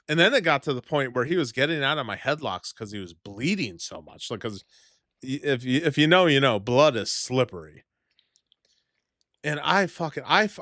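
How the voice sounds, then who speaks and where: A man, a streamer telling a story to his chat in a profane, animated way with sudden loud bursts. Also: fairly high pitch, dry recording, studio quality.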